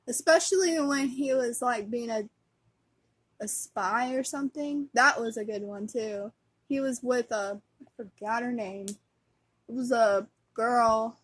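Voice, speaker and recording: Higher-voiced woman rambling about stuff she loves, giggly, takes her time. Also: a little slow. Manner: giggly, rambling, lots of fillers. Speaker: vlogger. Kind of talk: casual fan chat.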